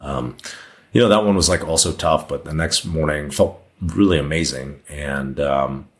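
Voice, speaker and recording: Speaking at an ordinary speed in an extremely low pitch, a thirty-something man recounts a personal story as a podcast guest. His casual, conversational telling is candid and meandering, with frequent fillers and restarts.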